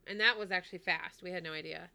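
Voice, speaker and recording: A woman's voice: lowish voice, fairly even intonation, fast talker, gravelly, bright, forceful tone, clean tone. A woman co-hosting a podcast, telling a story in a casual, chatty way, with many "like"s and "anyway"s. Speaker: podcast co-host.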